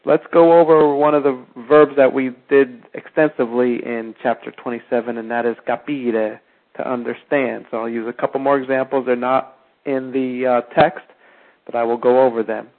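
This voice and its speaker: A man teaching a spoken language lesson, repeating each example phrase slowly and now and then correcting himself. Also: mid-range voice, fairly even intonation. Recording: tinny phone-like audio.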